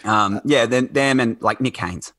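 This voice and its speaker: A man's voice: mid-range voice, unhurried, a bit bright, no echo. A man chatting casually as a podcast guest, rambling with lots of fillers and restarts.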